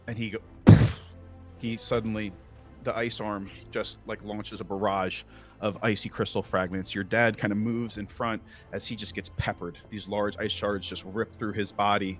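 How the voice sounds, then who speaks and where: Rambling, low-voiced male game master. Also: fairly bright tone. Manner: casual, rambling description with many likes and uhs. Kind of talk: narrating a tabletop game.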